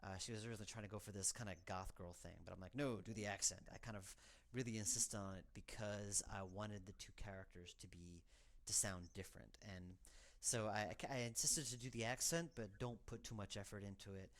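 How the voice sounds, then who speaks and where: A man's voice: fairly low pitch, steady tone, fairly quick. Hesitant man giving developer commentary. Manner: rambling, hesitant, full of fillers.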